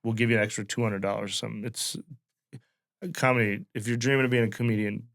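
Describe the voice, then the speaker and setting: A man's voice: fairly low pitch, fairly even intonation, fast talker, vocal fry, a bit bright. A man in his late thirties, a comedian from Wyoming, telling a loose, profane anecdote in a casual podcast chat. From Wyoming, USA. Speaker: guest comedian. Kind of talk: casual storytelling.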